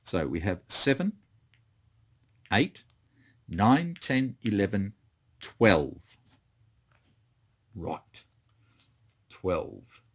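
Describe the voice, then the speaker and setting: A man's voice: on the low side, sing-song, extremely slow, long pauses, slightly rough. A man thinking aloud and counting as he plays through a tabletop wargame, muttering to himself as he moves pieces. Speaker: board game player. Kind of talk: solo tabletop wargame playthrough commentary.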